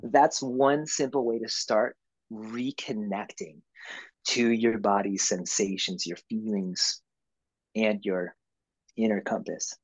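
Husky-voiced man, easygoing coach. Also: lowish voice, slow pace, dry recording, rough recording. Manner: easygoing, laughs often, explains in a calm coaching way. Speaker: podcast guest, author and yoga instructor. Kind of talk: conversational podcast interview.

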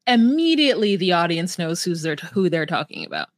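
A woman's voice: on the low side, very animated, a little fast, no room sound, studio quality. A woman co-hosting a casual podcast about reality TV, playful and giggly, breaking into sung bits. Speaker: podcast co-host.

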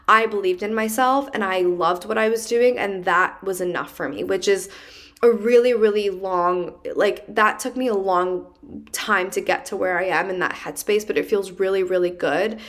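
A young adult woman hosting her podcast, telling a personal story in a casual, animated way and saying "like" often. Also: mid-range voice. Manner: chatty and animated, heavy use of "like". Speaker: podcast host.

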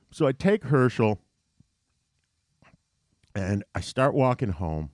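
A man telling a story in a casual chat, animated and profane, getting heated as he goes. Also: on the low side, measured pace, long pauses, no room sound, clean studio sound. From New York.

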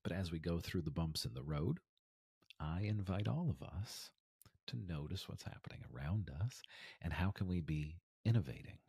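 A man hosting an inspirational podcast in a casual monologue, swinging from loud emphasis to near whispers. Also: deep voice, lively intonation, normal speed, creaky, breathy edge, dry recording, studio quality. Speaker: podcast host.

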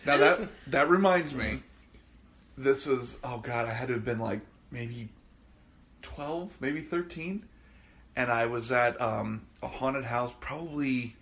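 A man's voice: mid-range voice, takes it slowly, a bit bright. A man telling stories in casual, profane chat, acting out the voices of the people in them.

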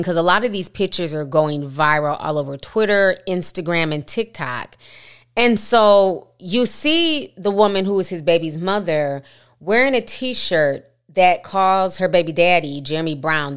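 A woman's voice: fairly low pitch, lively intonation, normal speed, clean tone. A woman hosting a commentary vlog, talking conversationally and straight to her viewers. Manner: conversational, addresses viewers directly. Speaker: host.

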